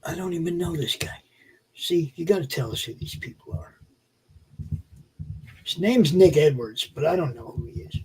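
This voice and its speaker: A man with a fairly high, husky voice rambles through a casual livestream chat. He talks offhand and swears casually as he co-hosts. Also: animated, normal speed, long pauses, darkish tone, rough recording. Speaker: co-host.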